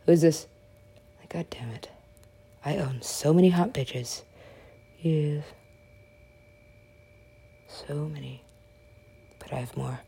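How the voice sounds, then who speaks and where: Woman, low pitch, slow unhurried talk, casual game commentary, profane joking. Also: creaky, dark tone, breathy edge. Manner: profane, rambling, joking asides.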